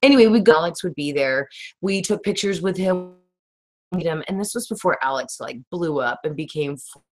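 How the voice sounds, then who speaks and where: A woman, hosting a casual livestream chat, rambling and reading out viewer comments in a raspy voice. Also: on the low side, lively intonation, normal speed. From Texas. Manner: rambling, laughs often, reads viewer comments. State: raspy today. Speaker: livestream host.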